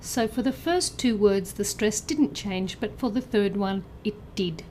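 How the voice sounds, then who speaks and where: A woman narrating a scripted pronunciation lesson, enunciating each example word clearly and carefully. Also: medium pitch, expressive, a little slow, mellow, slight background noise. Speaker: pronunciation teacher.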